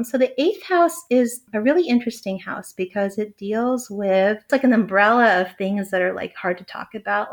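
A woman's voice: medium pitch, creaky. Chatty woman astrologer, filler-heavy. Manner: chatty, heavy use of "like", giggly. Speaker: astrologer guest. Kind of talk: casual chat.

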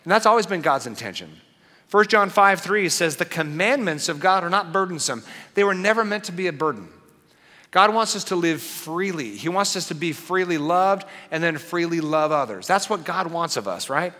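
A pastor preaching a sermon in an animated, conversational way with playful asides. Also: male voice, high voice, normal speed, long reverb tail.

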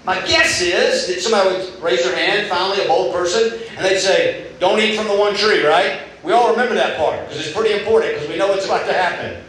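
A man preaching a casual, animated sermon, retelling scripture in everyday talk. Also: sits high, a little fast, few pauses. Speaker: youth pastor. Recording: echoey hall from far off.

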